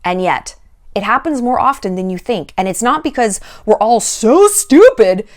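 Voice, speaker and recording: A woman vlogger breaks down dating red flags in casual commentary. Her voice sits a little high and swings widely in pitch. She is sarcastic and profane, and often slips into mock voices for the people she quotes. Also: normal speed. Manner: animated, sarcastic, swears freely.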